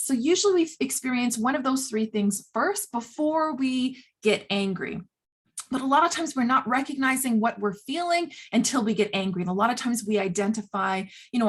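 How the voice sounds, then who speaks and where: A woman health coach talking casually to camera, chatty and animated, with lots of filler words. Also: fairly high pitch.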